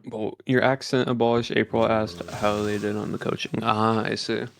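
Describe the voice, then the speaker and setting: A man's voice: fairly low pitch, flat delivery, normal speed, vocal fry, slight background noise. A man chatting casually with a streamer, rambling with many fillers and giving game tips. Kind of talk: casual chat while gaming.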